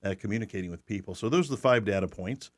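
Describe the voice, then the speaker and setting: Folksy host in his 60s, lowish voice, joking chat. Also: quick pace. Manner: folksy, joking, restarts often. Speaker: podcast host. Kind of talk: casual podcast chat.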